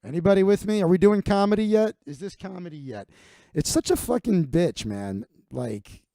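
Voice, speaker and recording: A man hosting a comedy livestream, rambling in a loose, profane, self-deprecating way. His voice sits a bit high but sounds dark and mellow. The sound is dry and close, from a home webcam setup. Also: expressive, moderate pace, no echo. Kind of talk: casual profane monologue.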